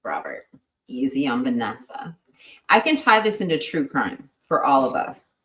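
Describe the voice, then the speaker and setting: A woman's voice: extremely low pitch, big pitch swings, fairly bright tone. A woman hosting a true crime livestream, chatting casually and steering the talk. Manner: quick to laugh, steers talk back on topic. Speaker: true crime channel host. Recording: echoey room, voice far from mic.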